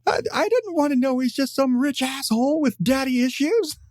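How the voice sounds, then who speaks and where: A man voicing an unhinged, furious male cartoon clown villain in a shrill, ranting voice. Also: expressive, moderate pace, a little mellow, no room sound, clean studio sound. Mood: shrieking rant. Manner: shrieking, ranting.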